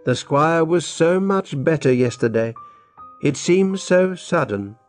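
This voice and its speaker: A man's voice: a little high, animated, takes it slowly, soft background music, voice pushed up. A man doing a concerned village priest. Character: older male village priest, earnest and brisk.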